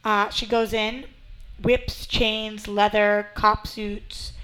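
A woman's voice: mid-range voice, little pitch movement, slow, fairly bright tone, rough recording. A young woman co-hosting a casual TV recap chat, chatty and fond of rhetorical questions. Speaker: podcast co-host.

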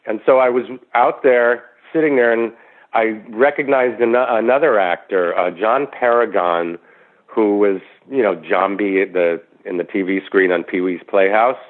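A man with a lowish voice tells a story as a guest, slipping into the voices of the people in it. His voice comes through a thin, phone-like line. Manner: animated storyteller who acts out quoted voices. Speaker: actor guest. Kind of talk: storytelling interview anecdote.

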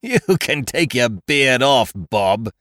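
A man's voice: mid-range voice, expressive, takes it slowly, a bit bright, no echo, studio quality. A man voicing a brutal young bully who gloats and jeers. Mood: gloating. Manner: gloating and jeering.

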